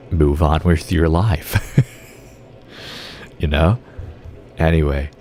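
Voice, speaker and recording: Speaking extremely slowly in an extremely low, warm voice with fairly even intonation, a man with an Australian accent games on a live stream. He chats casually with his audience, rambling and using lots of filler words.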